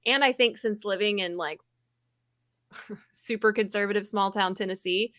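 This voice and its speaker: A woman's voice: medium pitch, moderate pace, fairly bright tone, no echo. A woman from Texas, her accent mostly trained away, co-hosting a casual podcast chat with dry, teasing humor. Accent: Texas, mostly neutralized. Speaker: podcast co-host.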